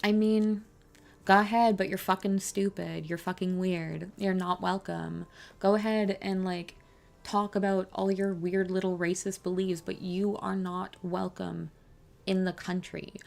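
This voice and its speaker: A woman's voice: fairly low pitch, gravelly. A woman streaming a live reaction to a debate, blunt and heated, swearing often. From Canada. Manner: blunt, swears heavily, angry and impassioned.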